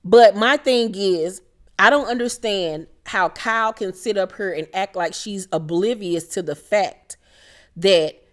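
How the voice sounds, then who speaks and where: A woman's voice: medium pitch, unhurried. A young woman hosting a casual reality TV recap, blunt and emphatic, swearing freely.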